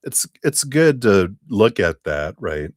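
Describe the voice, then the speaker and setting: Low-voiced man doing chatty tarot readings. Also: takes it slowly, no echo, studio quality. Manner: relaxed, chatty, thanks donors, spiritual wording. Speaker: tarot reader. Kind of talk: live-stream tarot reading. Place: home.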